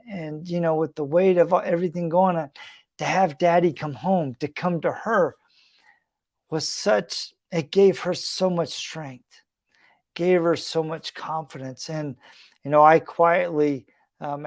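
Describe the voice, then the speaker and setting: A man's voice: a little high, fairly even intonation, a little slow, a little mellow, no room sound, studio quality. A middle-aged man hosting a podcast, telling a heartfelt personal story in an earnest, reflective, conversational way. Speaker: podcast host.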